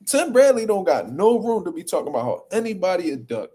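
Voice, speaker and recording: A man hosting a boxing talk show, chatting casually in a blunt, profane, animated way. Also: sits high, fast, few pauses, husky. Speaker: boxing podcast host. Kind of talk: casual chat.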